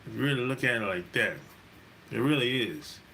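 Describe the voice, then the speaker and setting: A man hosting a dating-advice channel, talking in a relaxed, rambling monologue, repeating his points and laughing often. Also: mid-range voice, a little fast, creaky, a little hiss or hum. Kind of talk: casual monologue.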